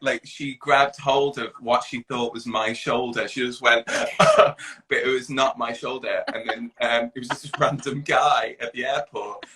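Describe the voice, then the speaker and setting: A man's voice: mid-range voice, background noise. A young man co-hosting a casual podcast chat, telling an anecdote animatedly and laughing hard along the way. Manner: animated, slow, laughs while telling stories. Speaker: podcast co-host.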